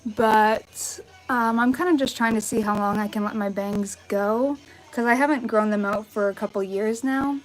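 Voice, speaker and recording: A young woman, a vintage fashion YouTuber, casually fields questions on a live stream from her bedroom, where there's a vanity. She talks at a normal speed in a higher voice, bubbly and full of likes and ums, with the phone held at arm's length. The recording is low quality, and faint music plays behind her.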